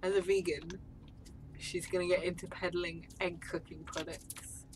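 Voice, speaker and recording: A woman co-hosting a live drawing stream, chatting casually and teasing with playful deadpan jokes. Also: on the low side, moderate pace, a little hiss or hum. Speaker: stream co-host.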